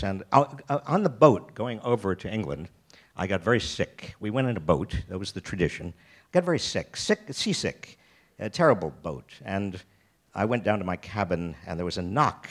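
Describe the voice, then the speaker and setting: Delivering a storytelling keynote at a festival, an older American man wanders through personal anecdotes, frequently starting over and using dry self-deprecating humor. His voice is on the low side and expressive, at a moderate pace.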